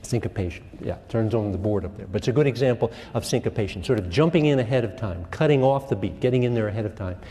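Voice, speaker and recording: A man's voice: on the low side, fast, few pauses, a little hiss or hum. Man lecturing on rhythm in a hall. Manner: lively, asks questions, hums rhythms. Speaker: music lecturer. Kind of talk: classroom lecture.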